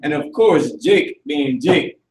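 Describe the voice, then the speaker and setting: Animated, profane man teaching a group. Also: on the high side, takes it slowly, reverberant, distant mic, low-quality recording. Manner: animated, profane, laughs while talking. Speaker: teacher leading a group discussion. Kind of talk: casual group talk.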